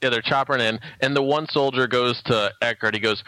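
A man's voice: medium pitch, steady tone, brisk, hardly any pauses, bright, forceful tone, dry recording, rough recording. A man on a comedy podcast, sarcastically retelling movie scenes with mock quotes. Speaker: podcast co-host. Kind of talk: casual comedy podcast chat.

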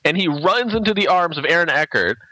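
A man's voice: on the high side, lively intonation, fairly quick, sharp tone, dry recording, poor audio. A man on a comedy podcast, sarcastically retelling movie scenes with mock quotes. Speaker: podcast co-host. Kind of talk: casual comedy podcast chat.

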